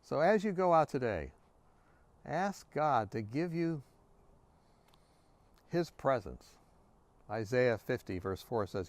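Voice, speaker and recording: A man giving an earnest devotional talk, telling a story from his workplace and often dropping to a hushed, quiet voice. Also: mid-range voice, very animated, slow, long pauses, no room sound. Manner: earnest, sinks to a hushed near-whisper. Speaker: devotional speaker.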